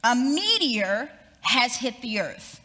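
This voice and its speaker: A woman's voice: fairly high pitch, big pitch swings, slow, sharp tone, full character voice. A woman voicing an urgent male radio news announcer who repeats his bulletin insistently, heard in an echoey hall.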